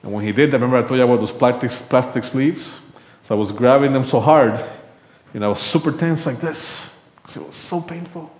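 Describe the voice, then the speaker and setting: A man's voice: mid-range voice, fairly quick, a little mellow. Conversational male preacher in echoey church. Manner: conversational, acts out quoted dialogue. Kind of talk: sermon with personal storytelling. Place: church sanctuary.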